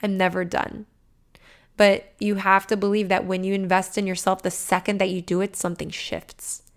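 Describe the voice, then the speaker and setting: A woman hosting a podcast, delivering a casual, animated motivational rant with frequent swearing, jumping between loud bursts and hushed asides. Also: mid-range voice, clean tone. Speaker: podcast host.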